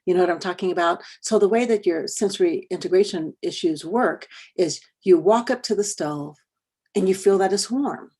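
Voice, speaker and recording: A woman's voice: lowish voice, moderate pace, dark tone, breathy edge. A middle-aged woman presenting a workshop, telling a personal story in a conversational way and often repeating words. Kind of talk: storytelling talk to parents and educators.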